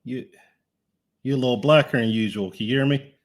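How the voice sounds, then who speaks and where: A relaxed man co-hosts an online show over a video call, his voice sitting at an everyday middle pitch. He chats loosely, teasing and poking fun at himself. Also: brisk. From Pittsburgh area, United States. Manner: joking, self-mocking, laid-back. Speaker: co-host. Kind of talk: casual chat on a video call.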